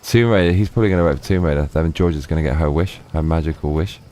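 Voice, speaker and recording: A man's voice: a bass voice, racing, warm tone, faint music behind. A man streaming a video game live, muttering frustrated reactions and chatting with viewers. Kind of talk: live gameplay commentary.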